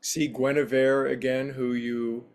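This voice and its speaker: A man voicing a breezy male angel who guides a newcomer around heaven, in a brisk, offhand manner. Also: medium pitch, little pitch movement, darkish tone, natural voice.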